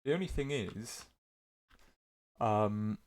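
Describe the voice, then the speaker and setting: In a slow, loose, rambling style, a gameplay video creator with a fairly low voice talks casually through his play. His speech is full of fillers and mid-sentence corrections, and his voice cracks now and then.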